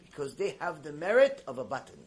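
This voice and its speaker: High-voiced dramatic preaching man. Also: sing-song, a little fast, breathy edge, low-quality recording. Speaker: rabbi teaching a Torah class. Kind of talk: sermon storytelling.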